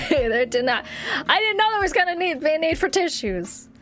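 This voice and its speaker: A woman's voice: high voice, very animated, moderate pace, a bit bright, soft background music. A young woman streaming a game, reading its text aloud and reacting emotionally, at times tearful.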